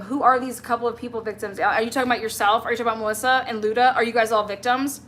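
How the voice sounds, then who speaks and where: A woman's voice: a little high, racing, hardly any pauses, fairly bright tone, slight background noise. A woman hosting a livestream, ranting in an exasperated, confrontational way and talking straight at someone who is absent. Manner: exasperated, confrontational, addresses absent person directly. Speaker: livestream host.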